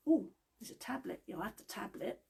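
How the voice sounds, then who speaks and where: A woman's voice: mid-range voice, animated, moderate pace, gravelly, warm tone, husky, exaggerated voice. A woman voicing a greedy, cocky male burglar in a told joke, muttering to himself. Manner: muttering to himself, then defiant.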